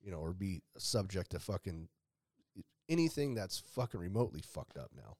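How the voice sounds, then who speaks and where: Blunt, profane man with a low voice. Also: normal speed, dry recording, studio quality. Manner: blunt and heavily profane, animated. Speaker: podcast host. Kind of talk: casual chat.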